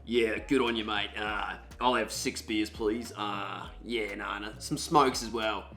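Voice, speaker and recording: Fields: Man putting on a deep Aussie bloke. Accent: Australian. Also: steady tone, unhurried, bright, forceful tone, faint music behind. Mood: joking. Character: deep-voiced laid-back Aussie bloke, adult man.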